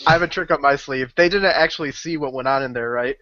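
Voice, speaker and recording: A man playing a tabletop game, eager and playful as he pitches bold moves. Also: quick pace, bright, forceful tone, no room sound, highs cut off. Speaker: player. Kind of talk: casual tabletop play.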